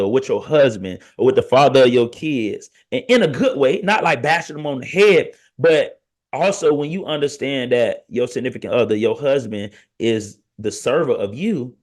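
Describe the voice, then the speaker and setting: A man in his thirties hosting a podcast, talking casually and preaching to fathers, with an animated storytelling manner. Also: mid-range voice. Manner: animated storyteller, acts out family quotes in raised voice. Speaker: podcast host.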